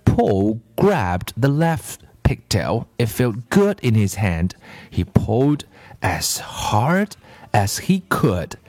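Expressive, slow-reading male storyteller. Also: fairly low pitch. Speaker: narrator. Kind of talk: children's story read aloud.

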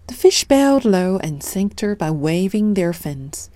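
Slow, mellow woman reading a storybook. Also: medium pitch, very animated, dry recording. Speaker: storybook reader. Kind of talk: read-aloud children's story narration.

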